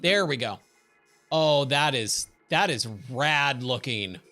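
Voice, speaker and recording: A man with a Californian accent talks through a video game in casual let's-play commentary. His voice sits at an everyday middle pitch. He chats freely and breaks into excited surfer-slang exclamations at what he sees. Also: takes it slowly, soft background music. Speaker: streamer; trainer at day job.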